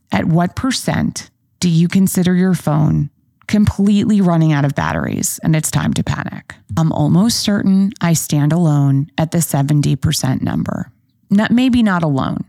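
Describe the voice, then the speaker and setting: A woman hosts a casual solo podcast in a low-leaning, gravelly voice with a darkish tone, recorded at studio quality with no echo. She tells stories candidly and chattily, tossing in playful asides.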